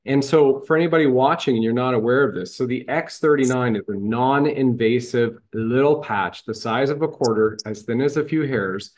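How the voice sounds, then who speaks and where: A man hosting a podcast, talking with eager, gushing enthusiasm. His voice sits at a middling pitch, and he often stumbles and restarts mid-sentence. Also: normal speed, few pauses, darkish tone. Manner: effusive, praising, with restarts. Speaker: show host.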